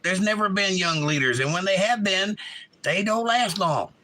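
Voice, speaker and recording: A man's voice: high voice, normal speed, sharp tone, slight background noise. A man hosting a casual live stream, giving blunt opinions and answering viewers' chat messages. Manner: opinionated, reads chat aloud and talks back. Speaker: livestream host.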